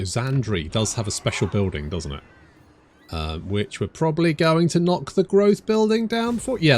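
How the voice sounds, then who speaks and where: A man's voice: mid-range voice, a little mellow, a little hiss or hum. A man giving rambling, chatty let's play commentary, thinking aloud and muttering to himself as he plays. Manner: rambling, chatty, wanders off on tangents. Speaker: gaming YouTuber.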